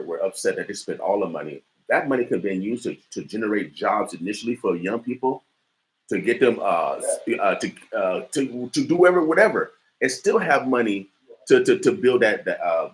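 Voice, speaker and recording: A man's voice: on the low side, very animated, fairly quick, poor audio. A man hosting a community radio morning show, talking in a fired-up, emphatic way with many stammers and fillers, with an Omaha accent. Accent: Omaha, Nebraska. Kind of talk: fired-up talk radio commentary.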